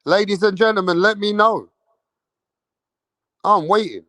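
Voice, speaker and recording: A man's voice: high voice, unhurried, a bit bright, no echo. Brash London man hosting a livestream. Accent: London English. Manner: brash, swearing, slangy, repeats himself; calls out to chat and waits for answers. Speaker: boxing channel host. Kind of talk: livestream chat with viewers.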